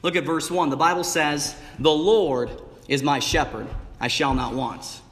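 A man's voice: on the high side, unhurried, a bit bright. Preaching man in a reverberant church. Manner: emphatic preaching cadence, stretching key words. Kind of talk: evening sermon. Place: church sanctuary. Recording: long reverb of a hall. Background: congregation calling out replies.

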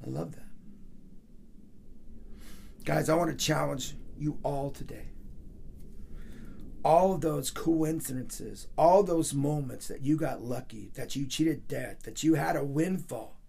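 Gravelly-voiced man preaching an emotional sermon. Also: fairly high pitch, takes it slowly, long pauses, warm tone, slight background noise. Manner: heartfelt, gets emotional telling a personal story. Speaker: pastor.

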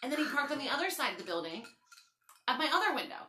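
Animated woman, echoey room. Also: sits high, rapid-fire. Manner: animated, swearing storyteller, lots of "like". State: runny nose. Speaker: podcast host. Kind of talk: casual chat.

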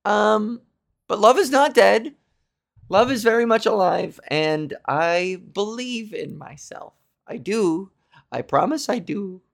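A woman's voice: expressive, takes it slowly, vocal fry. A woman hosting her own podcast in a rambling, self-deprecating monologue, with a scratchy, slightly sore voice and plenty of swearing. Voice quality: scratchy low voice. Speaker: podcast host. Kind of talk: casual solo monologue.

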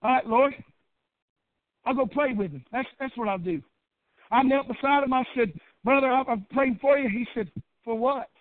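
A middle-aged man preaching a Baptist sermon in a fervent cadence that builds to shouting. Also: very high voice, moderate pace, no echo. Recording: dry, tinny phone-like church recording.

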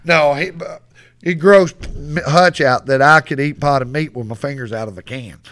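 A man's voice: a little high, normal speed, a bit bright. A middle-aged man with a West Texas accent, telling stories as a podcast guest in a loose, profane, joking way. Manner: drawling, profane, laughing storyteller. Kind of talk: casual storytelling.

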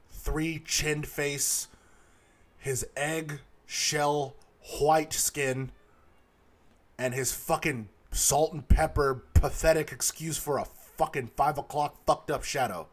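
A man hosting a podcast from a studio booth, delivering a profane, animated comedic rant and mimicking the people he describes. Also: fairly high pitch, slow pace. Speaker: podcast host.

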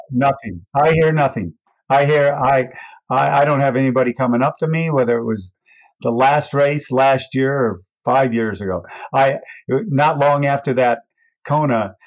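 An older man, a race announcer, telling a story and acting out the voices of the people in it. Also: dry recording. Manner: acts out quoted voices with big pitch swings. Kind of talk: animated storytelling. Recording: dull, dry recording.

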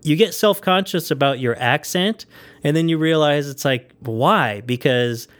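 A man's voice: fairly high pitch, unhurried, fairly bright tone. Rambling, laughing podcast man. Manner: rambling, laughs often, many fillers. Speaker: podcast co-host. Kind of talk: casual chat.

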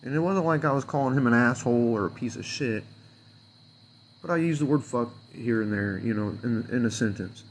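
Man, angry rant, sarcastic, constant swearing, average pitch, faint noise. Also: fairly quick. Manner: fuming, sarcastic, heavy swearing, loose and rambling. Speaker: unhappy customer venting. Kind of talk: angry profane rant to camera.

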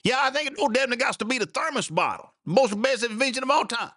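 A man doing a high drawling old country fellow. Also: animated, quick pace, sharp tone, no echo, clean studio sound, exaggerated voice. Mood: earnest, puzzled. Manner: drawling, ungrammatical country talk. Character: folksy old country man, slow and puzzled.

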